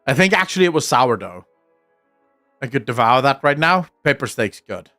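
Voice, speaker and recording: A man's voice: medium pitch, very animated, normal speed, pushed and bright, dry recording, studio quality, soft background music. A young man chatting casually on his stream, rambling and swearing freely. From South Africa. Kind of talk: casual chat reacting on stream.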